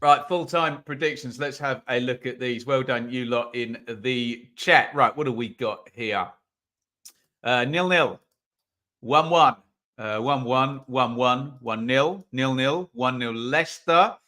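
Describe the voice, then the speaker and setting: A man's voice: mid-range voice, slow pace. A man hosting a live football watch-along from his home office, chatting casually and reading out viewers' messages. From England. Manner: chatty, reads out viewer comments, bursts into loud calls. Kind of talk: live stream chat and commentary.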